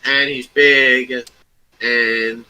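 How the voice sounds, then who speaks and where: A man's voice: medium pitch, level tone, extremely slow, sharp tone, smooth, highs cut off, soft background music. A young man telling a rambling, profane story as a guest in a casual podcast chat.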